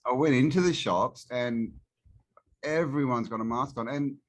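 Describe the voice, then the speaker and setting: A man's voice: medium pitch, measured pace. A man, a guest in a casual chat, ranting and swearing freely.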